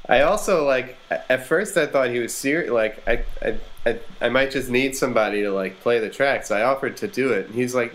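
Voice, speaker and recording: A man's voice: medium pitch, fairly quick, few pauses, rough recording. Man in casual chat, easygoing, mid-range voice, trips over his words. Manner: relaxed, stumbling restarts.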